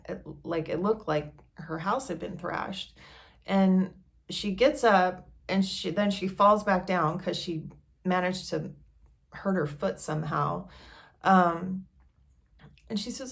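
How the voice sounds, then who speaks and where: A woman's voice: fairly low pitch, moderate pace, gravelly. A woman vlogger telling a personal story in a candid, conversational way.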